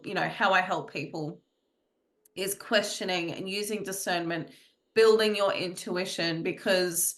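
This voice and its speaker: A woman's voice: mid-range voice, a bit bright. A woman guest in an interview, speaking earnestly about her spiritual teachings and often repeating phrases. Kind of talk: reflective conversational interview.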